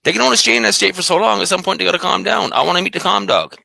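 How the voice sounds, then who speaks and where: Fast gravelly man, blunt and emphatic. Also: sits high, animated, pushed and bright, no room sound. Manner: blunt, emphatic, swears casually. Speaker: dog behaviour guest. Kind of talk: casual conversation.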